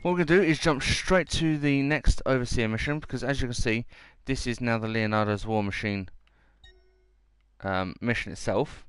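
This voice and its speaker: A man's voice: mid-range voice, moderate pace, a bit bright, clear, resonant tone, no room sound. Guy chatting thru his game, rambly, reads the mission text out, plain mid voice. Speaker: gameplay commentator. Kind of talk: casual gameplay commentary.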